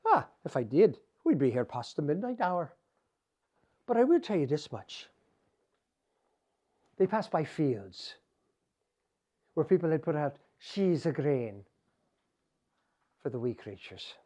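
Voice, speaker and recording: An Irish storyteller tells a folktale in a lilting, animated voice. He repeats phrases and pauses between them, keeping the telling lively. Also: a little high.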